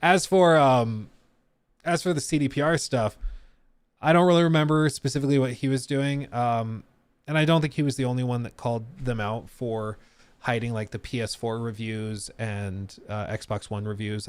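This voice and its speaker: A man's voice: medium pitch, fairly even intonation, moderate pace, clear, resonant tone, dry recording. Man chatting on a live stream, dry sound. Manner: talks while reading and answering chat, many fillers and trailing asides. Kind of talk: casual live-stream chat.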